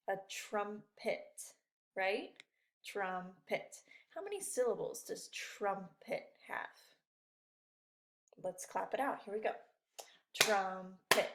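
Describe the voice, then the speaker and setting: Slow, patient woman teacher. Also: medium pitch. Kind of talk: remote lesson for young children.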